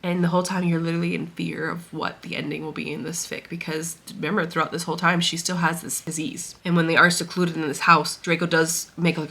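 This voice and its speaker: A woman's voice: on the low side, bright, forceful tone. Emotional young woman retelling a story. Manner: emotional, tearful, laughing and sighing while retelling; rambling with many fillers. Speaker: book vlogger. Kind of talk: casual chat retelling a story.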